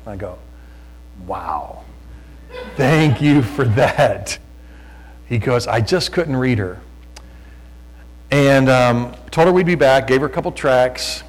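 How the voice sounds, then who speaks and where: A man preaching a sermon, telling folksy stories and talking loud, often repeating his phrases. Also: medium pitch, rough recording. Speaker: pastor.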